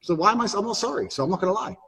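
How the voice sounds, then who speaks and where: A man's voice: sits high, rapid-fire, pushed and bright. Brash, profane man in a roomy echo. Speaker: podcast guest. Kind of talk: blunt podcast talk.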